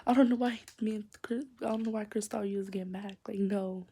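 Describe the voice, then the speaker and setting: Teen girl vlogger, casual storytime delivery, mellow tone, slips into whispers. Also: medium pitch, steady tone, quick pace, breathy edge. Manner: chatty, rambling, drops into whispers for secrets.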